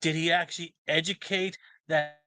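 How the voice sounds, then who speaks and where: Sarcastic bright-voiced man commentator. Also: on the high side, steady tone, no echo, rough recording. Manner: sarcastic, slow and pointed. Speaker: video commentator. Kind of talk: mocking video commentary.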